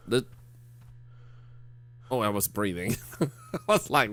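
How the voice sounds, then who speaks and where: A man's voice: fairly low pitch, measured pace, fairly bright tone. A man streaming a horror game, chatting casually with viewers, rambling and stammering with self-mocking jokes. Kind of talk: casual livestream commentary while playing.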